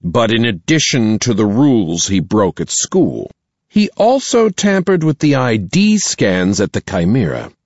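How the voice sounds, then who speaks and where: A man voicing a stern middle-aged female school principal in an audiobook, formal and slow. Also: lowish voice, big pitch swings, a little mellow, dry recording, lo-fi sound, voice pushed up. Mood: regretful. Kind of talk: audiobook character voice.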